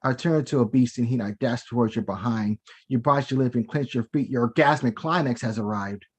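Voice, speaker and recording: A man performing his own spoken-word poetry over a video call from home, with a rhythmic, dramatic delivery that sinks lower and softer for sensual verse. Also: a little fast, husky. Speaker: performing poet.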